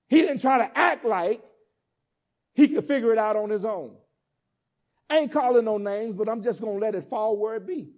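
A man's voice: sits high, normal speed, long pauses, darkish tone. A man preaching a sermon, with call-and-response cadence and casual vernacular asides, building to emphatic peaks. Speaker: pastor.

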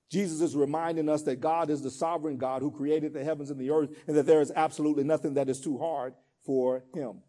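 Male pastor, high-pitched, rhythmic call-and-response preaching that swells to emphatic peaks, folksy asides. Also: mellow. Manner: informal vernacular asides. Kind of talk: sermon.

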